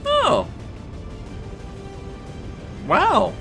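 A man's voice: very high voice, wildly swooping pitch, very slow, creaky, sharp tone, soft background music. A man giving joking, rambling commentary over his video game campaign, full of crude jokes and silly repetition. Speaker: gaming video creator.

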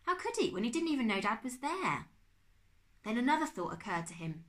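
Expressive woman reading a class novel. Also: mid-range voice, normal speed. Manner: expressive, animated. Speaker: teacher. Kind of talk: reading a children's novel aloud.

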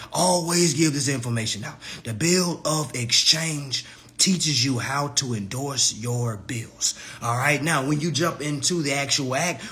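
Guy ranting on a stream, cocky and taunting, voice high and jumping all over. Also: fairly bright tone. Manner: brash, taunting, repeats "all right? okay?". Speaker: livestream host. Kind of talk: ranting livestream monologue.

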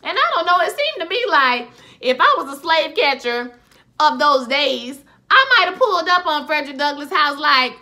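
A woman giving a casual, animated recap of a TV episode, talking in slang straight to her viewers. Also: high voice, normal speed. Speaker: TV episode reviewer.

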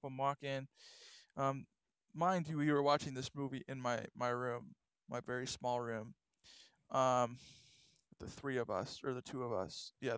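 A man's voice: medium pitch, a bit bright, clean tone, no room sound. Rambling young man telling a ghost story. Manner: rambling, many fillers and restarts. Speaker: vlogger. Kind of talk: casual storytelling to camera.

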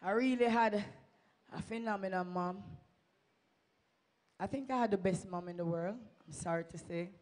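Pausing often at a normal speed, this Jamaican woman's mid-range, darkish voice carries her fervent testimony through the church sanctuary. She exhorts the congregation and lapses into Patois.

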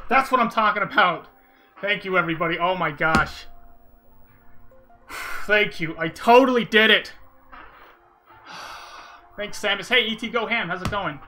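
A speedrun streamer at home, talking excitedly on a live stream, sighing often and thanking viewers one by one. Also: medium pitch, takes it slowly, long pauses, soft background music. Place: room at home with a window.

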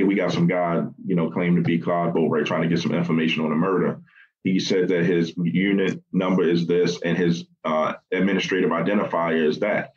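The speaker, a podcast guest, is a man whose voice sits very low and carries a Baltimore accent, and he's describing a loss in his family. His storytelling comes out in fits and starts, heavy on filler words and restarts, with frequent lapses into quoting the people he spoke with. The recording sounds a bit dull.

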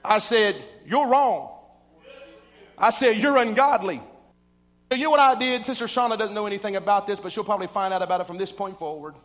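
A man with a very high, bright voice tells a story from the pulpit. His sermon rises to shouts, and he peppers it with "uh." The long reverb of a church sanctuary trails after every phrase. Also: quick pace, few pauses. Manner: animated storyteller who builds to shouting, with many "uh" fillers. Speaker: pastor.

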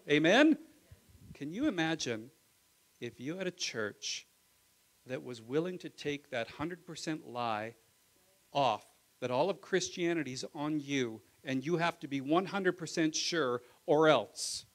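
A male pastor preaching a live Sunday sermon in church, swinging from loud exclamations to hushed asides and calling "Amen?" to the congregation. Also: on the high side, animated, unhurried, low-quality recording. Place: church sanctuary.

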